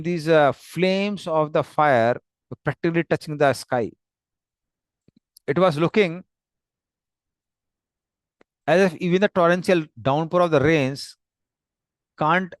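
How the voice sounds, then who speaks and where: A man tells a devotional story at an unhurried pace, pausing often and explaining each slide. His voice sits a bit high for a man, and the sound is close and dry with no room echo. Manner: slow, plain, explanatory with pauses.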